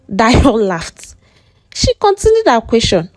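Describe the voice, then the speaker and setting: A woman narrating a folktale in an animated, expressive way. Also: mid-range voice, measured pace, no echo, soft background music. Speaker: storyteller. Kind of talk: scripted story narration.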